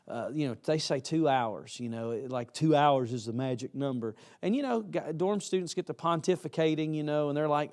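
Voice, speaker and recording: A man's voice: on the high side, animated, moderate pace, hardly any pauses. A man preaching a chapel sermon to college students in a folksy, emphatic way, acting out what students say.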